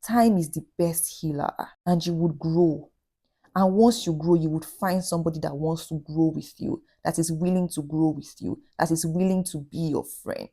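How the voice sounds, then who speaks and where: Tender, low-voiced woman vlogger, mellow tone. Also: moderate pace, slightly rough. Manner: tender, encouraging, repeats phrases for emphasis. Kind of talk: heartfelt advice vlog.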